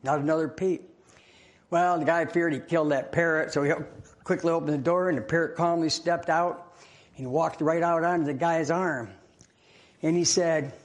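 A man preaching in a church in a loose, conversational way. He laughs along with the congregation and tells a joke story. His voice sits a little high. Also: steady tone, moderate pace. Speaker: pastor.

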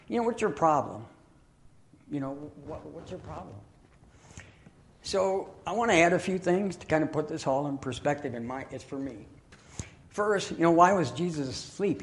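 A man preaching as a guest pastor in a church, telling stories in a folksy, self-deprecating way with plenty of fillers. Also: a little high. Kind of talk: sermon with storytelling. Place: church sanctuary.

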